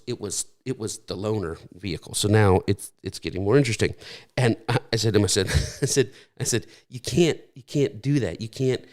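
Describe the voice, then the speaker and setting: A middle-aged man preaching a sermon in a conversational, storytelling way with frequent restarts. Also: medium pitch. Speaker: pastor.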